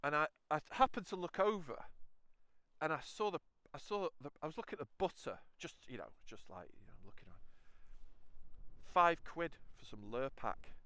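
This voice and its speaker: A man, sweary british motovlogger, lively. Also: a little high, dry recording. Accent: British English. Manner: sweary, ranting, chatty to viewers. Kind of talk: casual motorbike vlog. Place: outdoors, on a motorbike, then at a roadside dump.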